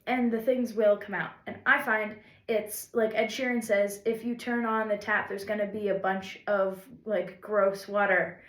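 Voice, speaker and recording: A woman's voice: medium pitch, steady tone, measured pace, hardly any pauses, reverberant. A woman songwriter talking to camera in a casual, rambling and encouraging way, with self-deprecating asides. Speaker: songwriter vlogger. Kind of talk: casual reflective talk to camera.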